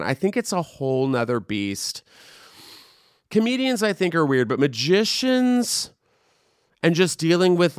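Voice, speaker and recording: A man hosting a podcast, telling a chatty, animated story in casual conversation. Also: on the high side, smooth, no room sound, clean studio sound. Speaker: podcast host. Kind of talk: casual chat.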